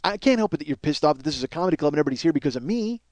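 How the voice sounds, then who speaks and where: A middle-aged man spins a long, profane tale on his own podcast and acts out each person's lines. His voice sits a little high. The recording is dry and close, with no room sound. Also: racing, dry recording. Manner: animated, profane, acts out quotes. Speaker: podcast host. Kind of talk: storytelling monologue.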